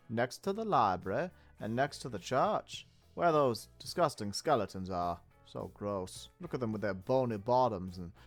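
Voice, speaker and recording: Man, game host in a mayor persona: pompous and showy, pitch bouncing all over. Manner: pompous, theatrical and self-admiring. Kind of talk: in-character game commentary.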